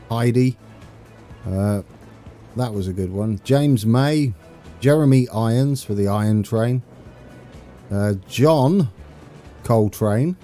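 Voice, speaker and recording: A man's voice: medium pitch, warm tone. A man from the UK chatting casually with viewers on a live stream while playing a train game, rambling and chuckling as he reads chat. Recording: faint game music behind.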